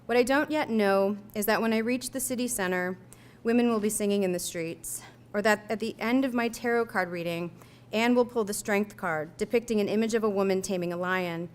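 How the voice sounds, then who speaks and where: Smooth-voiced woman reading her memoir. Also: mid-range voice. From United States. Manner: measured, reflective storytelling. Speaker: author reading her own essay. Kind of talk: reading a personal memoir aloud.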